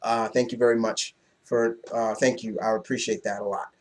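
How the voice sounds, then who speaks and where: A young man giving a casual, excitable comic book review, loose and swearing freely. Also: lowish voice, moderate pace.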